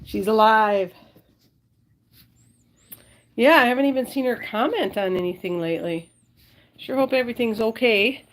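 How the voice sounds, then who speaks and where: A woman from Wisconsin hosting a casual live stream. She chats with her viewers and breaks into a high sing-song voice when she talks to her dogs. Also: lively intonation, normal speed, pauses often, slight background noise. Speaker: livestream host.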